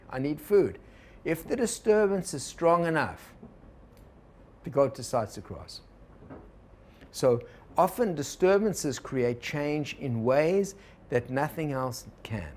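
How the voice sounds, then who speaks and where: A man teaching a workshop to a live group, relaxed and digressive, often turning to the audience with questions. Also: mid-range voice, slight background noise. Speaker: organizational consultant teaching a workshop.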